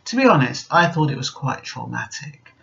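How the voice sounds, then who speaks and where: A woman's voice: a bass voice, big pitch swings, moderate pace, creaky. An older British woman vlogger who gives life advice in a direct, chatty monologue. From Britain. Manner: direct, chatty, acts out quoted voices. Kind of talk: casual storytelling monologue. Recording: dull lo-fi recording.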